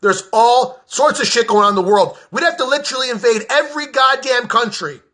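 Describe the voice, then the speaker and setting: High, bright-voiced man ranting angrily. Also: animated, a little fast. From United States. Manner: heated, profane, sarcastic. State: agitated. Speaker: veteran political commentator. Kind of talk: angry political rant.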